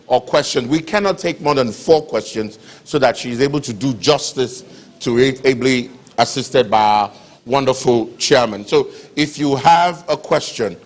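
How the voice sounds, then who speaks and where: A man acts as master of ceremonies, courteous and formal. His voice sits at an ordinary middle pitch for a man. He sounds like he is speaking in a lecture hall. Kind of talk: formal event hosting.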